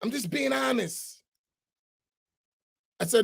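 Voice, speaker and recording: A man with a notably high voice speaks as an imam in a mosque class. He talks bluntly and emphatically, in a loose, colloquial way. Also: lively intonation, a little slow, a bit bright.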